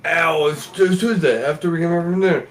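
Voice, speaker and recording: A man co-hosting a casual podcast, chatting in a relaxed way and swearing easily. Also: on the high side, fast. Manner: relaxed, swears, laughs along. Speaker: podcast co-host. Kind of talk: casual chat.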